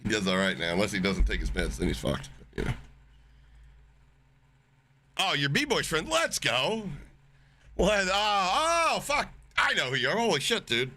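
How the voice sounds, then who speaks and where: A man streaming live, chatting casually with his viewers, swearing freely and getting excited as he reacts to chat. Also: medium pitch, normal speed, pauses often, husky.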